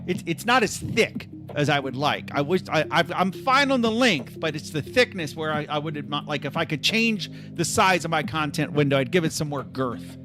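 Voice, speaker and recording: A man's voice: fairly high pitch, expressive, normal speed, few pauses, music in the background. A man hosting a livestream in casual chat, rambling and joking at his own expense. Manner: rambling, joking, self-deprecating. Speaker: livestream host.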